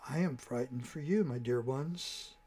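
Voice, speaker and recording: A man reading a storybook and voicing a cunning male false angel who speaks softly and slowly in a coaxing tone. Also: medium pitch, breathy edge.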